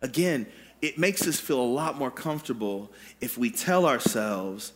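A man preaching a sermon in a church, dramatic, swinging from booming shouts to hushed low asides. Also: big pitch swings, a little slow. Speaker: pastor. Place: church sanctuary.

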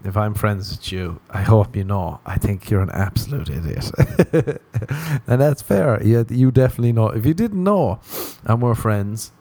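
A man's voice: fairly low pitch, animated, normal speed, gravelly, mellow. A man hosting a podcast, rambling through a crude comic monologue, mocking himself and laughing at his own jokes. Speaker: podcast host.

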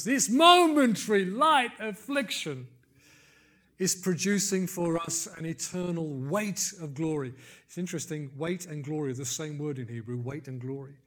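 Older man preaching with rising fervor. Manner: builds to loud emphatic peaks, then drops low and soft; conversational asides and gentle humor. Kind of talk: sermon.

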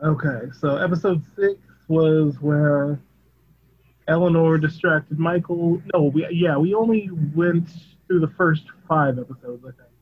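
A man's voice: on the high side, measured pace. A man co-hosting a podcast in casual chat, easygoing and often laughing. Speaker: podcast co-host. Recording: dull muffled audio.

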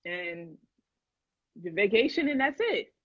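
Very animated yet taking her time, this young livestream host has a medium-pitched voice with a breathy edge. She chats casually with viewers in slang, laughing a lot. The sound is dull, lo-fi, and dry, with no room sound.

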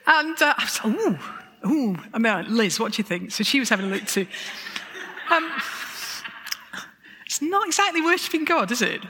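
A woman giving a lively, self-mocking testimony talk, with chuckling asides. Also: fairly high pitch, moderate pace, pauses often, slightly rough. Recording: long hall reverb.

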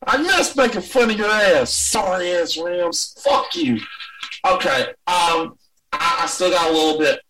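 A man's voice: sits high, unhurried, recorded from a distance, rough recording. A man co-hosting a casual sports chat, ranting and swearing with lots of energy. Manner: profane, ranting, animated. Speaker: podcast co-host.

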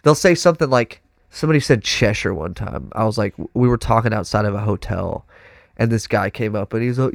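A young man with a Texan accent, telling a story in casual chat, animated and full of put-on voices. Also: on the low side, fairly quick, vocal fry, no echo, clean studio sound. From Texas. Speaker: guest musician.

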